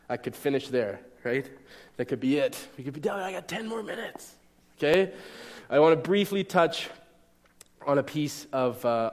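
A young man delivers a sermon in a relaxed, conversational manner. He keeps checking that his listeners follow along. His voice carries a long reverb from a large hall. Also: mid-range voice. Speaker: pastor. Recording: echoey hall.

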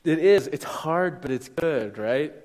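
A man's voice: fairly high pitch, expressive, measured pace, darkish tone. Young guy pastor giving a sermon, chatty, keeps asking "okay?", big echoey hall. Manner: conversational, checks in with "okay?".

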